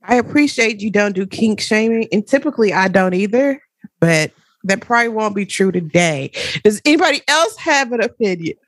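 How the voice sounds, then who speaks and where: A woman's voice: medium pitch, animated, moderate pace, no room sound. A woman moderating a casual panel discussion, politely asking others for their opinions. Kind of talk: casual group chat.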